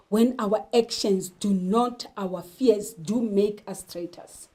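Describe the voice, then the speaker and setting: A woman's voice: medium pitch, takes it slowly, hardly any pauses, dark tone, poor audio. A woman teaching a literature lesson, talking emphatically and putting questions to her learners. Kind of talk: televised classroom lesson.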